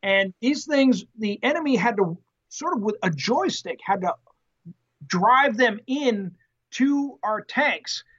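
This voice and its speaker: A former Marine telling an animated story in an interview, acting out the quotes with salty language. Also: male voice, sits high, slow, breathy edge, dull audio. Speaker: guest, former Marine tank driver.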